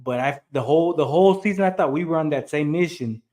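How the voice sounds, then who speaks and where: A frustrated man rambles through his point on a sports talk show, piling up fillers between his thoughts. His voice sits a little high. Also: fast talker, mellow. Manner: rambling, frustrated, full of "you know".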